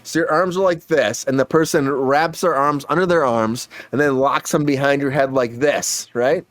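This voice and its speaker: A man hosting a casual podcast chat, an animated storyteller who swears freely. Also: mid-range voice, normal speed, dry recording, studio quality. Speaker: podcast host.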